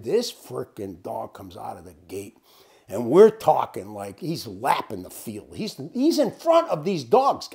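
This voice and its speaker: Storyteller, male, husky voice, very animated, salty language, casual yarn-spinning. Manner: animated, swears freely, wide swings in pitch. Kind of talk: casual anecdote telling.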